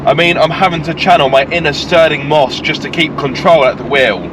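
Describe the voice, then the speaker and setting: A man, hosting a car vlog in casual, deadpan joking chat. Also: on the high side, fairly quick, background noise. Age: 30s. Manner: playful, deadpan joking, stumbles over words. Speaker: vlog host. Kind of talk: casual chat while driving and on location. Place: small car on the road, then outdoors by the sea.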